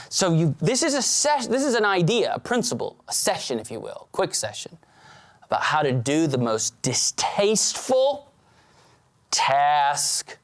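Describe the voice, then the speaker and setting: Guy giving a pep talk to students, acts out stories, voice jumps way up and down. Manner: animated storyteller who swings his pitch widely and acts out scenes. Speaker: speaker at a student leadership event.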